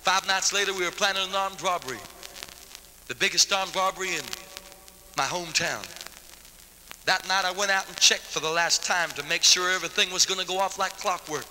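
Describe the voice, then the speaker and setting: A man's voice: high-pitched, fairly quick, pushed and bright, a little hiss or hum. A man evangelist giving a dramatic testimony sermon, telling his story vividly with street slang. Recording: long hall reverb.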